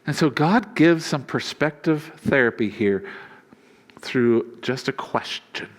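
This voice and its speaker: A man preaching a sermon at a medium pitch. His delivery is loose and conversational, with frequent little laughs. He slips into lively voices whenever he quotes someone. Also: takes it slowly. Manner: conversational and humorous, chuckling often; acts out quoted lines in a lively voice. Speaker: pastor.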